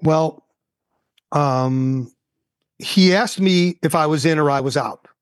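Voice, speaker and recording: Older male guest, animated storyteller, slightly high voice, dry close sound. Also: takes it slowly, dry recording. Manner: animated, acts out quoted dialogue. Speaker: guest, entrepreneur. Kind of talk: casual interview storytelling.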